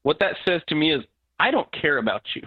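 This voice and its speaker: A man's voice: on the high side, big pitch swings, fast talker, husky, dry recording. A man co-hosting a live podcast, complaining wryly and acting out little dialogues. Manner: wry, complaining, acts out dialogue. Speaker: podcast co-host. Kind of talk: casual live podcast chat. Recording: tinny internet call audio.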